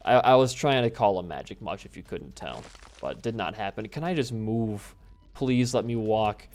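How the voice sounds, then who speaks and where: A gaming YouTuber from the US Midwest rambles through a story while playing, swearing freely in casual commentary. His voice is medium in pitch and a little mellow.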